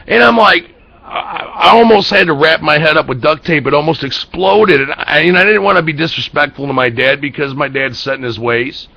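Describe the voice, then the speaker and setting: Gravelly high-voiced ranting man. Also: moderate pace, bright, forceful tone, no echo, lo-fi sound. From United States. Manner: blunt and profane, heated rhetorical questions. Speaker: internet radio talk show host. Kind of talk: political commentary rant.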